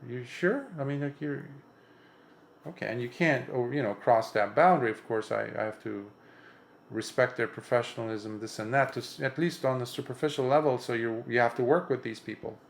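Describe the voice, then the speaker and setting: A man with a gravelly, creaky edge to an otherwise mid-pitched voice gives an impromptu dharma talk as a Buddhist monk. He speaks earnestly and with emphasis, climbing higher when he presses a point and often restarting mid-sentence. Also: a little fast.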